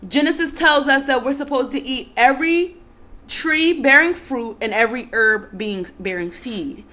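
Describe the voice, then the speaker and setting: A woman giving a spiritual teaching monologue to her listeners, coaxing and soothing them with repeated calls to breathe and calm down, then rising to emphatic stresses. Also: sits high, moderate pace.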